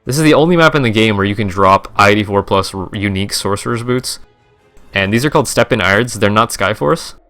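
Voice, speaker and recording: A man's voice: fairly low pitch, quick pace, fairly bright tone, soft background music. A young man, a streamer, casually recapping his game trades in a rambling, profane, self-correcting way.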